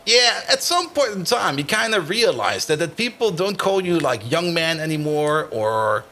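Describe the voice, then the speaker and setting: A man's voice: a little high, big pitch swings, normal speed, sharp tone, slight background noise. A man streaming a game live, chatting casually with his viewers and laughing often.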